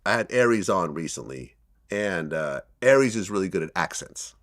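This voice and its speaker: A man's voice: sits low, animated, normal speed, fairly bright tone, dry recording, clean studio sound. A man from Russia hosting a casual interview, chatty and teasing, laughing often. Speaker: interviewer host.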